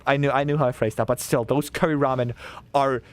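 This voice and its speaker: A young man, chatting casually and ranting excitedly to his chat while streaming a game, swearing freely. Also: medium pitch, fast, smooth.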